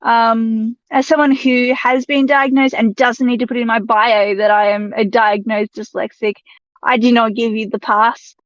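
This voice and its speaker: Aussie woman ranting on a call, higher voice, dull lo-fi sound, dry. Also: level tone, normal speed, no room sound. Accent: Australian. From Australia. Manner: indignant, emphatic. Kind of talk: casual chat.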